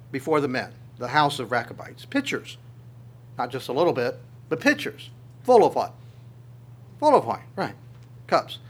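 A man's voice: medium pitch, a bit bright. A male pastor preaching a sermon, reading scripture aloud with his own commentary and asking the congregation rhetorical questions.

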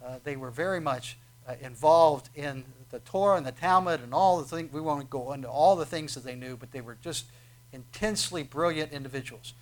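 Emphatic male preacher, slightly high voice. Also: a little fast. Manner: emphatic, rising loud on scripture quotes; frequent restarts and filler "uh". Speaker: pastor. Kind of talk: sermon.

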